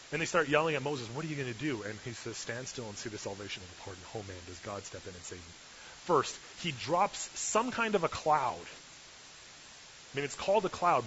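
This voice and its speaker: A man preaching an animated sermon, telling the story with acted-out voices and dropping from hushed tones to loud bursts. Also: mid-range voice. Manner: lively, acts out voices, shifts from hushed to loud. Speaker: pastor. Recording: dull lo-fi recording with faint hiss.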